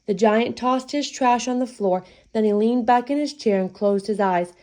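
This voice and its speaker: Mellow-voiced woman storyteller. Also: a little high, normal speed. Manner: folksy, playful delivery. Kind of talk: reading a children's story aloud.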